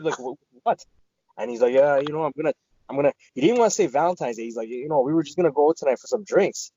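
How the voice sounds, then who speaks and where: A man's voice: mid-range voice, a little fast, dark tone, lo-fi sound. A man co-hosting a podcast, telling a rambling, profane story in casual chat and quoting his friends. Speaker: podcast co-host.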